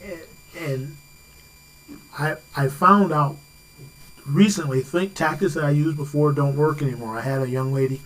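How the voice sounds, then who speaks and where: A man's voice: a little high, normal speed, a bit bright, rough recording. A man giving safety advice on a talk radio show, talking conversationally, laughing easily and restarting his sentences. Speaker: safety expert guest.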